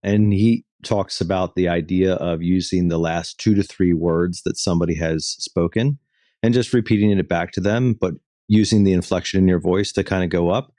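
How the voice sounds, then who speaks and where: A man's voice: deep voice, fairly even intonation, normal speed, mellow, dry recording, clean studio sound. A man hosting an interview podcast, explaining ideas at length and asking long questions. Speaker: podcast host.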